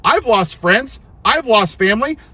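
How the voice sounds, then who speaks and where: A man's voice: sits high, animated, measured pace, pushed and bright, breathy edge. A man delivering preachy, confrontational commentary full of rhetorical questions. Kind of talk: direct-to-camera commentary.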